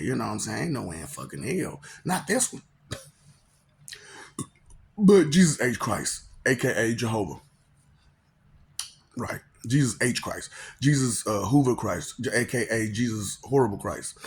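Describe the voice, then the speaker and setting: Man, rambling monologue, laughs a lot, profane, loud then muttering. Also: mid-range voice, a little hiss or hum. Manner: makes mouth sound effects. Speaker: monologue host.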